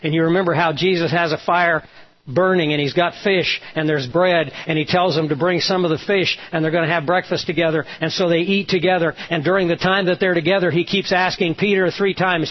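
A man's voice: fairly high pitch, steady tone, fairly quick. Man preaching a storytelling sermon, lo-fi. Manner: storytelling preacher, voices quotes with emphasis. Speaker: pastor. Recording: dull lo-fi sound.

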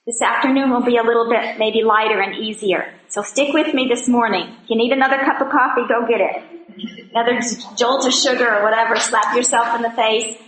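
A woman's voice: on the high side, fairly even intonation, brisk, a bit bright, echoey room, low-quality recording. A woman teaching a women's Bible study, reading scripture verses and speaking conversationally with joking asides and earnest personal testimony.

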